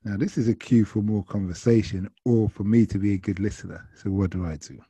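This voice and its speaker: Dark husky man telling a taxi story. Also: lowish voice, steady tone, brisk, no room sound. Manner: chatty, anecdotal, quoting others. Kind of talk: casual storytelling.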